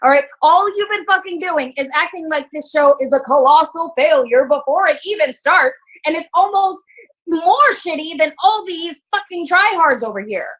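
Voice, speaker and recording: Foul-mouthed furious actress, high voice, biting insults, comedic scene. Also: female voice, animated, normal speed, fairly bright tone, rough recording. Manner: profane, cutting insults. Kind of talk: comedic acting over video call.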